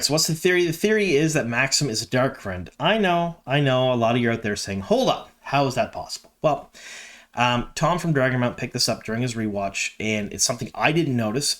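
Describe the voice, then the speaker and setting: A man's voice: mid-range voice, animated, a little fast, a bit bright. A man from Canada hosting a fan video, talking casually and enthusiastically with frequent ums and asides. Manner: chatty and enthusiastic, many ums.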